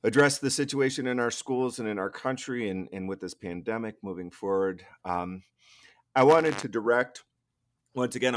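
Low-voiced male interviewer. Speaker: podcast host, interviewer. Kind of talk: interview conversation.

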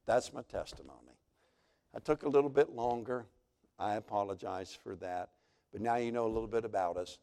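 Smooth-voiced pastor preaching. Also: male voice, fairly low pitch, a little fast, darkish tone. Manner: dramatic storytelling preacher. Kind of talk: sermon.

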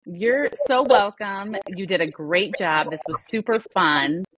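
A woman chatting as a podcast guest, cheerful and talkative, quick to laugh. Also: medium pitch, noisy background. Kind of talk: casual interview chat.

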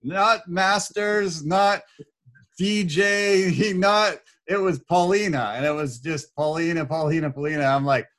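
A man, a podcast guest, telling a story in a casual, animated way, laughing often and acting out what people said. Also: fairly high pitch, moderate pace. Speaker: podcast guest, corporate speaker.

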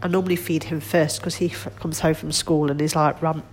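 Soft music plays behind a middle-aged woman chatting casually in her kitchen at home for a vlog. Congested and nasal with a cold, she rambles along in a self-deprecating way, her low voice level in tone and a little fast.

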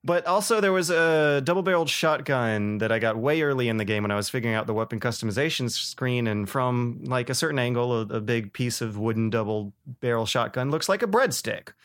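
A man co-hosting a casual games podcast, telling stories with lively bursts of excitement and frequent laughter. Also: medium pitch, fairly quick, few pauses. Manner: animated storyteller, laughs often. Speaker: podcast co-host. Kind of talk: casual chat about games.

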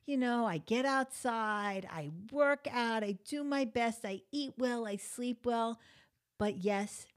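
A woman's voice: fairly high pitch, slow. A woman hosting her own talk show, chatting casually and ranting bluntly, swearing freely as her exasperation builds. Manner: conversational, chatty with fillers. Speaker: podcast host. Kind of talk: casual monologue rant.

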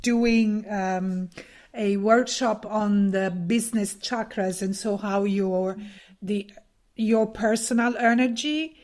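A woman talking thoughtfully in a casual conversation, measured and with many fillers. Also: medium pitch, a little mellow. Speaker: workshop leader, former conference interpreter.

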